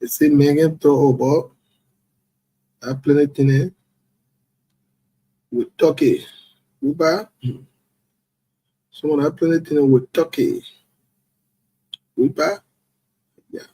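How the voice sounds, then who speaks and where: A man's voice: fairly high pitch, fairly even intonation, slow, pauses often, dark tone, breathy edge. A man hosting a casual live stream, playfully greeting viewers by name and chuckling as he goes. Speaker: livestream host.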